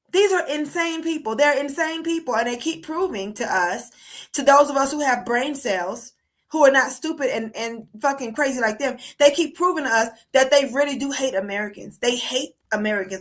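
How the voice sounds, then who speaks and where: High-pitched, ranting woman streamer. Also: normal speed. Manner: profane, heated ranting. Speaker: political livestream host. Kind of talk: casual live-stream commentary. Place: abroad while traveling.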